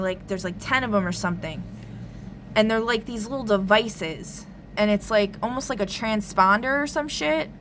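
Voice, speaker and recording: A woman's voice: fairly high pitch, fairly bright tone, a little hiss or hum. Rambling, swearing woman, casual vlog. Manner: rambling, lots of "like", frequent swearing. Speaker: tarot reader recounting a dream.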